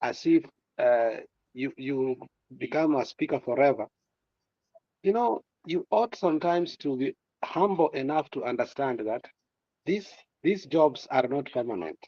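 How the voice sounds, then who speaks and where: A man's voice: mid-range voice, animated, unhurried, dark tone, no room sound, dull audio. A man giving political commentary in a passionate way, repeating words and using many fillers. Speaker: guest commentator.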